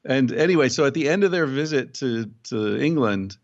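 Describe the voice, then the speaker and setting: Male guest author, easygoing storyteller, average pitch, slightly lo-fi sound. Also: normal speed. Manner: relaxed storyteller, laughs while telling. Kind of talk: casual interview chat.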